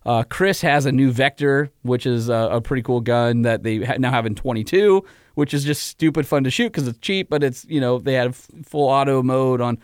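A man's voice: medium pitch, normal speed, smooth, no room sound, studio quality. A man co-hosting a podcast in casual chat, enthusiastic and rambling with many fillers. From California. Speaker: podcast co-host.

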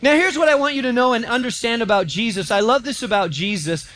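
High-voiced man preaching a sermon. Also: fast talker. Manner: animated storytelling, acts out quotes. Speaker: pastor. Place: church.

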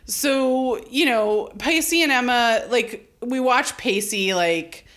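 A woman's voice: on the high side, takes it slowly, fairly bright tone. A woman co-hosting a podcast walks through the plot of a TV episode. She talks casually and drops dry, sarcastic asides as she goes. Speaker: podcast co-host. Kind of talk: casual chat recapping a TV episode.

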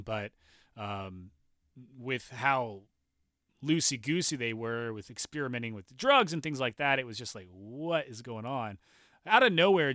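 A young man casually telling a personal story, animated and profane, often laughing. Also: a little high, dry recording, studio quality.

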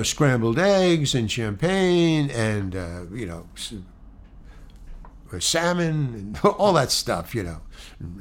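A man, an actor, telling an anecdote in an animated, halting way, full of restarts, swinging between loud bursts and hushed asides. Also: fairly high pitch. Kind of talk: anecdotal storytelling.

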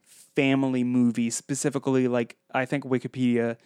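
A man's voice: medium pitch, level tone, moderate pace, a little mellow, clear, resonant tone, no echo, studio quality. A man co-hosting a podcast, chatting casually about a movie and slipping into playful impressions of film lines. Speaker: podcast co-host. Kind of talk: casual movie-review chat.

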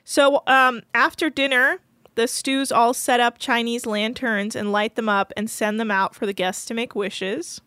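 A woman co-hosting a podcast in casual chat, recapping a reality show with playful, crude jokes and quick mimicry. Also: a little high, fairly even intonation, sharp tone, no echo. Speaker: podcast co-host.

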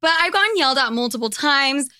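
A woman's voice: sits high, expressive, fast, bright, forceful tone, no echo, studio quality. A woman hosting a podcast, talking in a blunt, candid and profane casual monologue. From United States. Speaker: podcast host.

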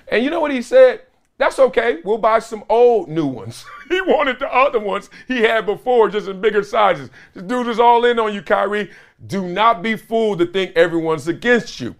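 A middle-aged man runs a solo sports talk show with a lively, swooping delivery. His voice sits a little high for a man. He tells stories with energy and acts out the people he quotes and the sounds he describes. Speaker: podcast host.

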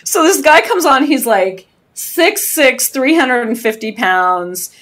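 A woman, a flight attendant union leader, telling a lively story as a podcast guest. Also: high-pitched, takes it slowly. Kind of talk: casual storytelling.

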